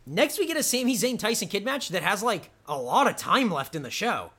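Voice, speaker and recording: This podcast co-host has a high, bright, forceful voice with a breathy edge, big pitch swings, and a fairly quick pace. He chats casually and enthusiastically through a wrestling recap, rambling and laughing a lot.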